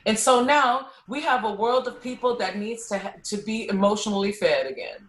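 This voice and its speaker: A woman opera singer, a guest in a casual conversation, telling stories in an animated way with lots of "you know.". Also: mid-range voice, normal speed. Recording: roomy echo.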